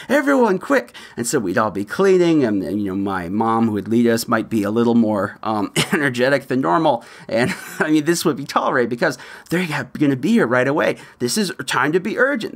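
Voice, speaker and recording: A man hosting a podcast, giving opinionated political commentary in an animated way and often laughing mid-sentence. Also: mid-range voice, fairly quick. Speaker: podcast host.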